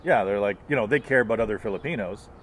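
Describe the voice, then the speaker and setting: A man's voice: lowish voice, fast, a crowd in the background. A man co-hosting a casual comedy podcast, riffing and swearing, breaking into voices to act out people. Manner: profane, riffing, mimics voices in quotes. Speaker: podcast co-host.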